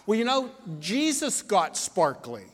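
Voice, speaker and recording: A man leading a children's sermon in church, playful and animated, asking the kids lots of questions. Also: high voice, measured pace. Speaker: pastor giving children's sermon. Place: church sanctuary. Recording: reverberant church hall.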